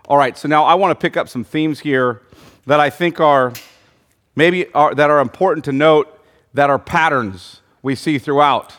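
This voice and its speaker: Male Bible teacher, casual classroom delivery, halting and searching for words, questions the group. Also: on the high side, a bit bright. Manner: thinking aloud, many ums and restarts, quizzing the group. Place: room with a group of listeners.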